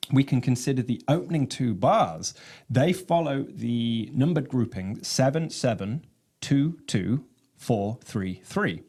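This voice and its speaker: Man calmly explaining a snare drum piece. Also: medium pitch, husky. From England. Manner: measured, explanatory, counts and vocalizes rhythms aloud. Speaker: percussion teacher and composer. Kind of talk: explaining a composition.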